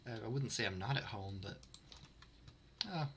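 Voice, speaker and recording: A man's voice: on the low side, moderate pace, a bit bright, a little hiss or hum. A man streaming to his chat, reading lore aloud and breaking off for dry, sarcastic, self-mocking asides.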